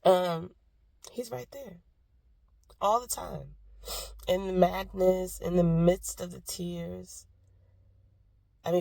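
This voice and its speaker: A woman's voice: fairly low pitch, creaky, a little mellow, dry recording. A woman in her thirties talking candidly about grief and faith in a personal vlog, reflective and rambling, sick with a cough. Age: 30s. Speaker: vlogger.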